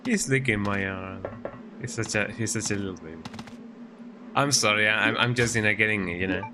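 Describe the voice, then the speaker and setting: A man's voice: fairly low pitch, normal speed, background noise. A young man streaming a video game, rambling casually and cooing baby talk at his cat between moves. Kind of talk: casual gameplay commentary. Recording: game music behind the voice.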